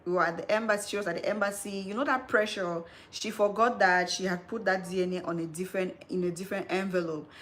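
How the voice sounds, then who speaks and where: A woman in her thirties hosting a live stream, telling a personal story in an animated, chatty way. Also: medium pitch, quick pace, few pauses. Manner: animated storytelling, calls listener "girl". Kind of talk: casual live-stream chat.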